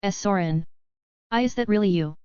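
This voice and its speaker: A woman's voice: medium pitch, normal speed, dark tone, clear, resonant tone, no echo, natural voice. A woman voicing a shy, polite young female wolf beastkin who stammers. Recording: dry, slightly dull lo-fi.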